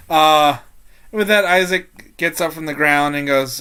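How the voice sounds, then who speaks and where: A tabletop game master narrating a session at an unhurried, slow pace. The speech is halting and loose, full of fillers and pauses while deciding what happens next. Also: medium pitch, bright, forceful tone, smooth.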